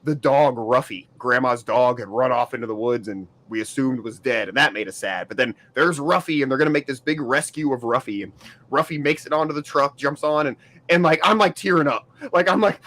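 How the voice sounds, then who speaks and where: Excitable man with a very lively voice. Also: mid-range voice, a little fast. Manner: excitable, jumps into big laughing bursts. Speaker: podcast co-host. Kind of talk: casual chat.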